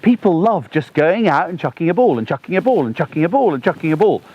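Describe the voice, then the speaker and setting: A man, talking through a gun dog training session outdoors on a lawn, chatty and animated. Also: fairly high pitch, fast talker, husky, lo-fi sound. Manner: chatty and animated, bursts into excited exclamations.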